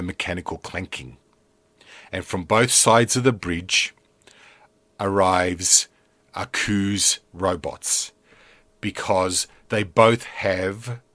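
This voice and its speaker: Low-voiced man retelling a cartoon. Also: a bit bright, dry recording. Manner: retells scenes with hesitant restarts and whispered sound effects. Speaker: podcast host. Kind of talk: casual podcast retelling.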